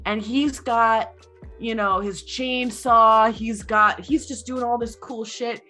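Young woman, bright and a bit high, rambling plot recap with swearing. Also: takes it slowly, faint music behind. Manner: rambling, animated, profane storytelling. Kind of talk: casual chat, retelling a movie plot.

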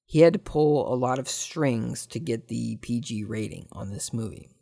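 A man from Southern California, hosting a podcast and chatting casually through listener questions in a rambling, jokey way with sudden excited bursts. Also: medium pitch, moderate pace, creaky. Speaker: podcast host.

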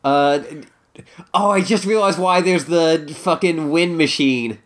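A man's voice: a little high, takes it slowly. A man co-hosting a podcast, amused and rambling, full of "like"s as he describes scenes. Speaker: podcast co-host. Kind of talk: casual chat.

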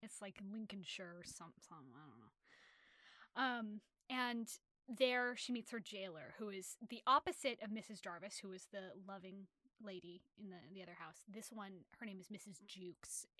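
A young woman casually retelling a novel's plot on a podcast, animated and rambling with many fillers. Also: medium pitch, normal speed, dry recording, clean studio sound. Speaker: podcast host.

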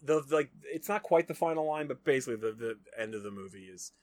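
A man hosting a casual podcast, recapping an old film in a mid-pitched voice and slipping into quick character voices as he acts out the lines. The sound is dry and close to the mic. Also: no echo. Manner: animated retelling, acting out lines in quick voices. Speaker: podcast host. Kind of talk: casual movie recap chat.

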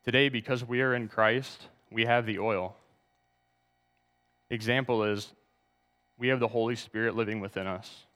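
A man's voice: mid-range voice, fairly even intonation, moderate pace, long pauses, fairly bright tone, long reverb tail. A man preaching a sermon, reading scripture aloud and asking the congregation to turn to verses. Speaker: pastor.

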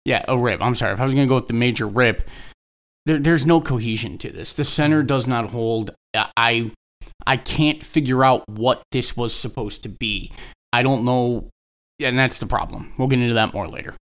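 Smooth-voiced critical man, panel guest. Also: mid-range voice, moderate pace, a bit bright. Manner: thoughtful, stumbling restarts, critical. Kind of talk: casual panel discussion.

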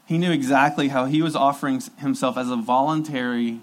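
A man's voice: medium pitch, steady tone, brisk, few pauses, low-quality recording. A man preaching a sermon in an earnest, emphatic way, repeating key phrases for weight.

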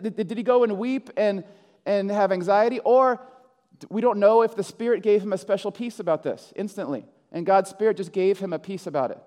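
A male pastor delivers a sermon in a high voice, slipping into dramatic quoted voices for the figures he describes. His words ring out with a long reverb, as in a large church sanctuary. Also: darkish tone.

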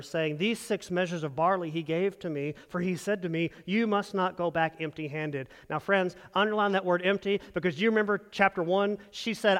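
A man preaching a sermon as pastor, animated, leading the congregation in call-and-response. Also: sits high, clear, resonant tone. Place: church sanctuary. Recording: long hall reverb.

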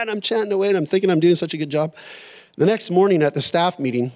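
A middle-aged pastor preaching a sermon in a church auditorium, conversational and storytelling, with self-deprecating humor. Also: male voice, high-pitched, quick pace.

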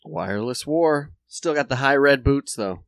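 Podcast cohost dude, wry quips, normal pitch, dry mic. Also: male voice, expressive, unhurried, no echo. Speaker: podcast co-host. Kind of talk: casual chat.

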